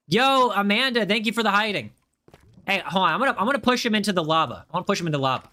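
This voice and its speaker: A man's voice: sits high, sing-song, rapid-fire, sharp tone. A man with an American accent giving live gaming commentary, chatting with his viewers in a rambling way, repeating himself and restarting sentences as he plays. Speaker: game streamer.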